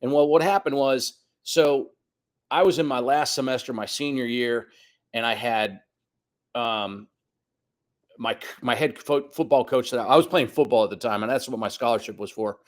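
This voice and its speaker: Man in his fifties, podcast guest, chatty storyteller, mid-pitched voice. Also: normal speed. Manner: animated storyteller, acts out quoted voices. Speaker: guest soccer coach. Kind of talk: casual storytelling interview.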